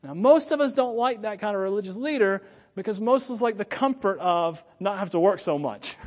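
A man with a high voice preaching a sermon, swinging between loud, emphatic points and low, joking asides. His voice rings through a church sanctuary with a long reverb. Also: animated, brisk. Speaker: pastor.

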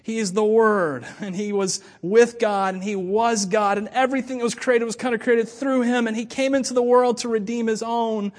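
High-voiced man preaching a casual sermon. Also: steady tone, normal speed, hardly any pauses. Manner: conversational, joking asides. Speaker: pastor.

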